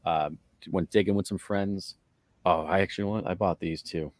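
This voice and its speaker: A man co-hosting a casual comic collecting show, chatting in a relaxed, rambling way. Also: sits low, brisk, dry recording, clean studio sound. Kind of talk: casual chat.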